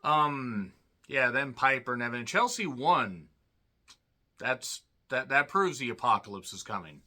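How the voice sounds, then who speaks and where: A man giving a casual spoken review of a wrestling show, sardonic and dry, often clearing his throat. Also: mid-range voice, lively intonation, measured pace, pushed and bright.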